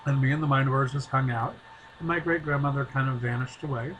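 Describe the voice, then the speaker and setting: Brief: middle-aged man, rambling storyteller, average pitch, soft and hesitant. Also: fairly even intonation, quick pace, slight background noise, poor audio. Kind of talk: casual personal storytelling.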